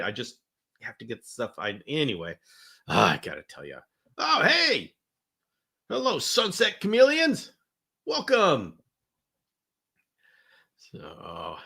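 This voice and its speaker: A man hosting a casual live-stream Q&A, chatting and greeting viewers by name with bursts of excitement. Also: mid-range voice. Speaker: host of a live chameleon Q&A.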